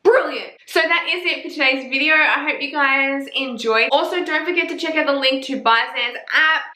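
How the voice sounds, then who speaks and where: A woman's voice: sits high, normal speed. A young woman, chatting casually and sassily about books, swearing freely. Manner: sweary, sassy and animated. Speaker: book reviewer. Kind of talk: casual chat. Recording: echoey room.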